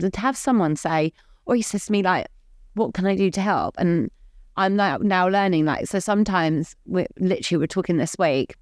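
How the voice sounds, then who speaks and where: Earnest woman, lowish voice. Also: moderate pace, dry recording, clean studio sound. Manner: rambling, heavy use of "like", open and earnest. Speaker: podcast co-host. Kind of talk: candid casual chat.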